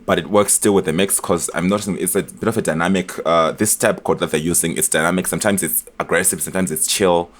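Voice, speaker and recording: A man explaining his music production in a casual tutorial, chatty and relaxed, with frequent fillers and restarts. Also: sits low, fast, hardly any pauses. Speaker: music producer demonstrating a beat remake. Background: beat elements playing from the project.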